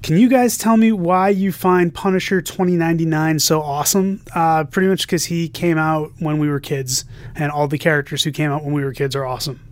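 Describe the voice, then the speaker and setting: A man's voice: a little high, fairly even intonation, a little fast, no echo. A man co-hosting a podcast, reading listener messages aloud and joking about them in casual chat. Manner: jokey, reads quotes aloud with playful emphasis. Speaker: podcast co-host.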